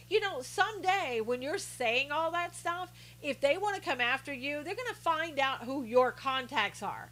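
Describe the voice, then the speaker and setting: A woman's voice: sits high, lively intonation, moderate pace, fairly bright tone, low-quality recording. Chatty woman hosting a live stream. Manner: chatty, reads viewer comments aloud, many restarts. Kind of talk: casual political commentary.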